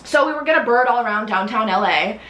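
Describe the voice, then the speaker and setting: A young woman, chatting and telling animated stories while doing makeup, putting on voices as she goes. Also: a little high, fast. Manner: bubbly, animated storytelling with voices. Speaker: beauty vlogger. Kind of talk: casual chat. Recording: echoey room with faint hiss.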